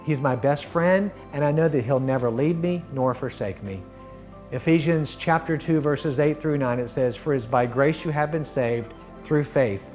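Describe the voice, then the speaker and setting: A middle-aged man telling his personal faith testimony in an earnest, heartfelt way, often dropping to a soft hush at the end of a thought. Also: medium pitch, normal speed, soft background music. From Florida. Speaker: guest sharing his testimony.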